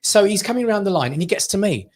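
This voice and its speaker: A man from England telling a lively personal story on a panel show, acting out what others said. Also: sits high, racing. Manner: animated anecdote teller, acts out quotes. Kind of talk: casual chat, storytelling.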